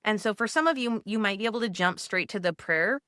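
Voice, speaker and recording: Her mid-range voice is brisk and clean-toned, with lively intonation, recorded in a clean studio with no room sound. She coaches Catholic mothers through steps in a gentle, casual, conversational manner, often saying "like."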